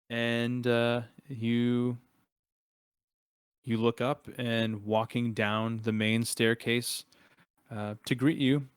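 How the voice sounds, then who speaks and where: A man narrating as game master of a tabletop game, halting, with many fillers and restarts. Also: medium pitch, clean tone, no echo.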